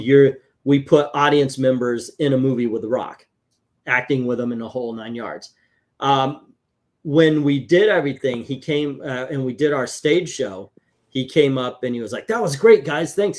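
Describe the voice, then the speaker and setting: A man hosting a casual comic book review chat, talking in an animated, chatty way and laughing easily. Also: medium pitch, normal speed. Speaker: comic book show host.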